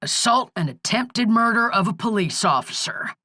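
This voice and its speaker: A woman's voice: fairly high pitch, animated, normal speed, pushed and bright, no room sound, clean studio sound, voice pushed up. A woman voicing an angry, bullying male sheriff in an audiobook, barking orders and swearing. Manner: blustering, profane, barking orders. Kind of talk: audiobook character voice.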